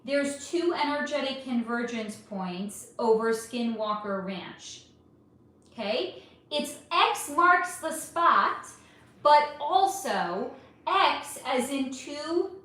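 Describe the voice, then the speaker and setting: A woman's voice: high-pitched, animated, takes it slowly, bright, forceful tone. Rambling woman in a very echoey room. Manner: rambling, hesitant, swears casually. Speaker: livestream host reading chat. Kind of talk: casual livestream chat.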